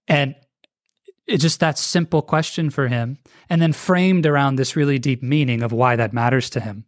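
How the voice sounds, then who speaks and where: A man's voice: mid-range voice, normal speed, dry recording, clean studio sound. A man being interviewed on a podcast, talking with energy and acting out the voices he quotes. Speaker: guest.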